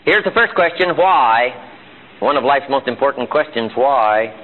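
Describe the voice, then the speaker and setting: A man's voice: medium pitch, animated, unhurried. A man giving a live motivational seminar in a meeting room. He is emphatic and fires off rhetorical questions. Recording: tinny lo-fi archival seminar tape.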